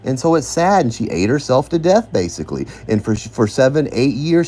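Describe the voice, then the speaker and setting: A man's voice: medium pitch, very animated, normal speed, hardly any pauses, a little mellow. A man in casual rambling commentary, laughing and accusatory as he goes over an online feud.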